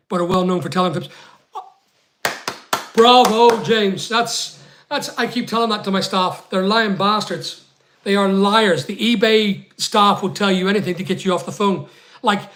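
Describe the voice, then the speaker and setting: A middle-aged man from Scotland chatting live with viewers in a high-pitched voice. He talks bluntly, swears without a second thought and wanders off into asides before coming back to his point. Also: fairly bright tone. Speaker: live stream host. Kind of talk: casual live chat answering viewers.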